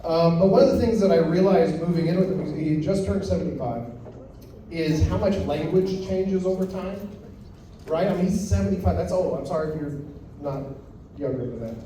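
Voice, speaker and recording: High-voiced comic, echoey club. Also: male voice, background noise. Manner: deadpan storytelling with quick acted quotes. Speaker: stand-up comedian. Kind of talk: stand-up comedy set. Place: comedy club stage. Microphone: handheld stage mic. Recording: echoey club from far off, crowd. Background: audience laughing.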